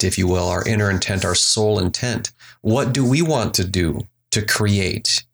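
Man, low voice, relaxed, conversational, mindfulness teacher, guided breathing. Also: gravelly. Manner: relaxed, conversational, slows for emphasis. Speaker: spiritual teacher. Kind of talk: motivational talk with guided breathing. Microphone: desk microphone.

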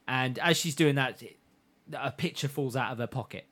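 A man in casual chat with friends, briskly retelling a plot, swearing freely and slipping into quick voiced quotes. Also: mid-range voice, a bit bright. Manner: narrates scenes briskly, swears, acts out quotes, laughs often. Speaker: podcast co-host recapping an anime.

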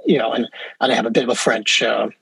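A man's voice: medium pitch, fairly even intonation, fast talker, creaky, a bit bright, breathy edge, no echo, poor audio. A man with an English Canadian accent, a professor chatting easily as an interview guest, with many fillers and restarts. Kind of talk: casual interview talk.

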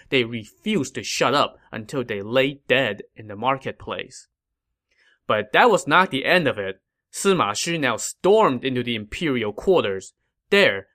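A man's voice: medium pitch, sharp tone. A man hosting a history podcast, telling the story in a wry, conversational style. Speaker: podcast host.

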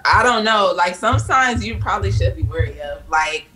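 Woman podcast guest with a tense, bright voice; chatty and opinionated. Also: medium pitch, expressive, rough recording. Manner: chatty and opinionated, quick to explain her views. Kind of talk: casual chat.

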